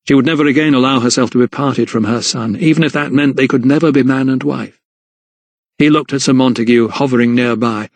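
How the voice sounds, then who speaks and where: A male narrator reads a historical novel aloud at a measured, even pace, in a mid-pitched voice. The recording is dry and close, with no room sound. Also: dry recording. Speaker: audiobook narrator. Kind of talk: scripted narration.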